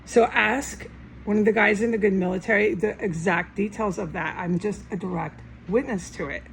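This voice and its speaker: A woman's voice: mid-range voice, fairly even intonation, normal speed, creaky, slight background noise, poor audio. A woman filming herself at home, talking to the camera in an agitated rant full of swearing. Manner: agitated, ranting, heavy swearing. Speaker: vlogger. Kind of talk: angry rambling monologue to camera. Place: indoors at home.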